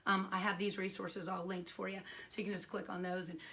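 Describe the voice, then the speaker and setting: A woman's voice: mid-range voice, little pitch movement, a little fast, sharp tone, slight background noise. An older woman, an art teacher, giving a chatty, enthusiastic video lesson alone in a room. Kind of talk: casual home video lesson.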